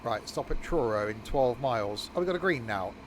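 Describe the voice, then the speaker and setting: A man's voice: medium pitch, animated, brisk, noisy background. Tired, chuckling man streaming. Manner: rambling, self-mocking, chuckling often. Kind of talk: casual live-stream commentary.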